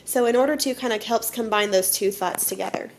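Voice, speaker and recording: A woman's voice: fairly high pitch, a little fast, a little hiss or hum. A woman teaching a children's grammar lesson, patiently explaining step by step and often checking in with "okay?". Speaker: elementary school teacher.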